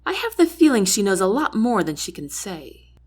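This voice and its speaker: A woman's voice: normal speed, slightly rough. A woman narrating a first-person novel aloud, giving each character a voice of their own. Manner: lively, shifts pitch and loudness for each character. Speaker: audiobook reader.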